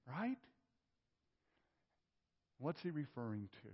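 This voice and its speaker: A male pastor preaching a sermon, asking rhetorical questions and swinging from loud emphasis to hushed tones. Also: a little high, expressive, normal speed, breathy edge. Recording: dull audio with long hall reverb.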